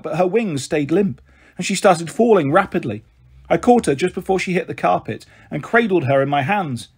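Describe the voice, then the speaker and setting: A man reading a children's book aloud with steady, expressive narration. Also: a little high, slightly rough. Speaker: storyteller.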